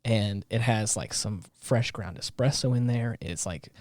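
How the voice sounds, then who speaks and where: A man's voice: fairly low pitch, measured pace, dry recording, clean studio sound. A man co-hosting a podcast in casual chat, talking in a rambling way with many restarts. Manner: rambling, lots of fillers and restarts. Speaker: podcast co-host.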